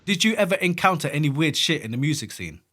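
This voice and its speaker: A male podcast host puts direct questions to his guest. His voice sits fairly high and moves about a lot as he speaks. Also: very animated, quick pace, a bit bright. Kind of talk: interview questions.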